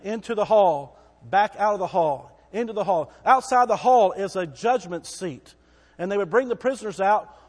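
A man preaching a sermon, retelling the story with drama and shouting out the crowd's cries. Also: sits high, big-room sound.

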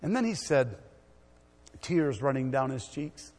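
A man's voice: medium pitch, sing-song, a little slow. Preacher man in a reverberant hall. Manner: swings from loud exhortation to quiet storytelling. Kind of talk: sermon. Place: church.

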